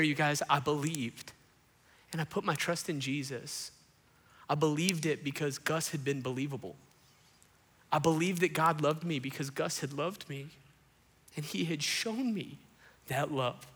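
A man preaching a sermon as pastor, telling a story with lively, animated delivery and calling the crowd "y'all". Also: on the high side, normal speed, pauses often, husky. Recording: long hall reverb.

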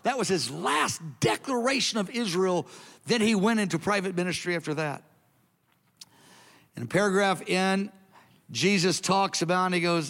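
A man's voice: high voice, moderate pace, vocal fry, a bit bright. A man preaching a sermon in an earnest, emphatic way, then leading a prayer. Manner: earnest, emphatic, quoting scripture in a raised voice.

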